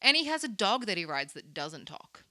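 Woman, podcast chat, rambling, swears, very bright, dry close mic. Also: medium pitch, big pitch swings, moderate pace, no echo. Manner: rambling, swears freely, acts out characters' lines. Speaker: podcast guest recapping a film.

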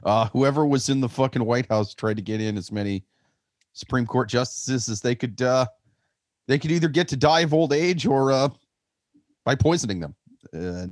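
A man's voice: mid-range voice, lively intonation, normal speed, dry recording, studio quality. Man riffing absurd comedy bits. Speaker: podcast co-host. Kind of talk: casual comedic banter.

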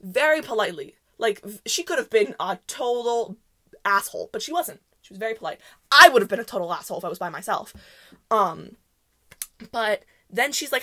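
A woman's voice: medium pitch, lively intonation, brisk, pushed and bright. A young woman hosting a podcast, telling a story in a rambling, chatty way full of fillers. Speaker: podcast host. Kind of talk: casual storytelling monologue.

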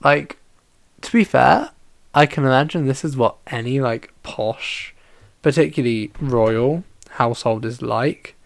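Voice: medium pitch, measured pace, gravelly, no echo. A podcast host chatting casually alone about a film, rambling with constant fillers and restarts, and tired and yawning.

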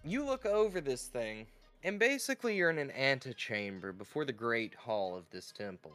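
Lively guy gm narrating a sci-fi tabletop game, bright voice, bit of music behind. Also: medium pitch, moderate pace. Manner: animated, playful. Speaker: game master.

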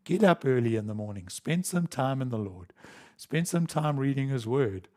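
A man's voice: medium pitch, lively intonation, normal speed, darkish tone. A male pastor preaching a sermon to a live stream, telling a parable and acting out the voices in it. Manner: storytelling, acts out quoted lines with rising emotion.

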